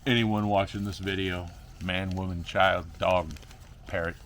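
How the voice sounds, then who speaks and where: A man's voice: deep voice, level tone, measured pace, a bit bright, a little hiss or hum. A young man rambling goofily to himself and his viewers while repotting plants in a casual vlog. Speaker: plant grower vlogger.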